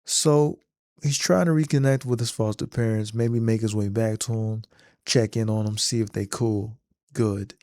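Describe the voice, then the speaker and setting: A man casually retelling a movie scene in an animated, slangy storytelling manner. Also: fairly low pitch, moderate pace, no echo, studio quality. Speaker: vlogger.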